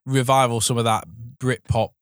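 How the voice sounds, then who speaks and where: A man's voice: mid-range voice, little pitch movement, moderate pace, clear, resonant tone, no echo, studio quality. A man co-hosting a casual film podcast, easygoing but hesitant, with many fillers. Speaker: podcast co-host.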